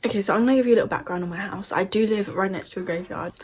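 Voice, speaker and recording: A woman's voice: medium pitch, rapid-fire, darkish tone, slight background noise. A young woman in her bedroom telling a spooky story in a casual, rambling way, correcting herself as she goes. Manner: chatty, rambling, self-correcting. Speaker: vlogger. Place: bedroom at home.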